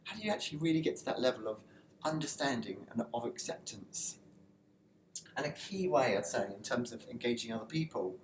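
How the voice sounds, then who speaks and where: A man's voice: medium pitch, lively intonation, a little fast. Guy doing a motivational coaching talk, chatty and loose, roomy echo, a little hiss behind. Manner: loose and conversational, frequent fillers and restarts. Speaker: personal development coach. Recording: echoey room with faint ambient noise.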